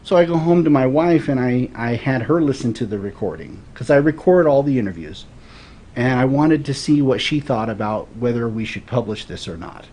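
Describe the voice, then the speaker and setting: Guest storyteller, man, forties, earnest and reflective, middle pitch. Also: lively intonation, normal speed, mellow. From Florida. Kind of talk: casual interview storytelling.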